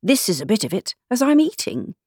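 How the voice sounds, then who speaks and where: A woman putting on a man choking on a mouthful of bread, coughing between words, his voice climbing high and lively. It is a storybook voice read in a dry, close room. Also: fairly quick, husky, dry recording, full character voice. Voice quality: coughing, choked voice. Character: choking, coughing male Hatter with full mouth.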